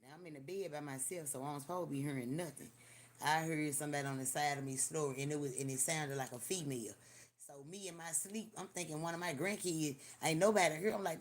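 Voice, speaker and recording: An older live-stream host with a medium-pitched voice talks fast, telling stories casually and animatedly. He cusses freely and speaks straight to his viewers.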